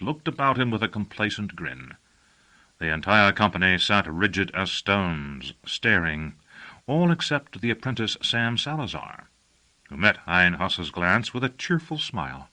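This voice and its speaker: A man narrating a science fiction audiobook in a measured storytelling manner. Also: sits low, very animated, sharp tone. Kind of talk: scripted narration.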